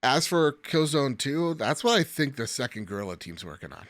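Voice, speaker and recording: Man, podcast co-host, slight lisp, lively rising and falling pitch, dry close sound. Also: normal speed, dry recording. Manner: joking, animated, reads listener mail. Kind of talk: casual podcast chat.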